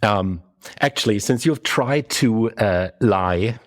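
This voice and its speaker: A man with a low voice runs a tabletop game as game master. He narrates haltingly, stopping and restarting often. The sound is dry and close. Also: dry recording. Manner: halting, with frequent restarts and fillers.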